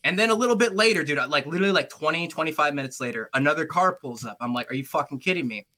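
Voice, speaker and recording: A man's voice: on the high side, expressive, rapid-fire, sharp tone. A man, a paranormal investigator, telling stories in casual chat, swearing freely and saying "dude" a lot. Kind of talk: casual storytelling.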